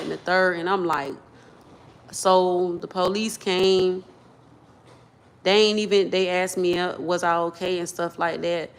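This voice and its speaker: A young woman vlogging into her phone, telling a personal story in a loose, rambling way and repeating herself as she gets worked up. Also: fairly low pitch. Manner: casual, loose grammar.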